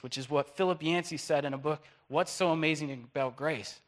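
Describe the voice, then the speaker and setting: A male pastor preaching a sermon, animated, swinging between hushed and loud delivery. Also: a little high, a little fast.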